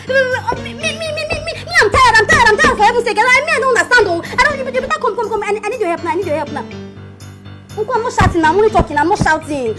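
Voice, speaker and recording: Lady doing a very high, fast-talking fed-up wife, complains nonstop, repeats herself. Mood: frantic. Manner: rapid, complaining, repeating words. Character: fed-up, dramatic young wife. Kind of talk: comedy skit. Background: music.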